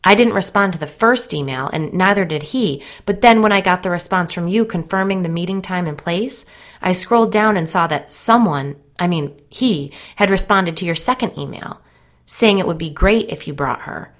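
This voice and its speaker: A woman's voice: lowish voice, normal speed, voice pushed up, close to an everyday voice. A woman reading an audiobook, voicing a troubled, volatile young man who speaks anxiously and earnestly. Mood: agitated.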